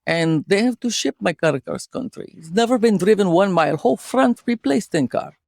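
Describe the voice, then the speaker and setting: A woman's voice: mid-range voice, brisk, creaky, no room sound. A woman putting on a gloomy Russian accent. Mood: deadpan. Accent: put-on Russian. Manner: deadpan, dropped articles, heavy fatalism.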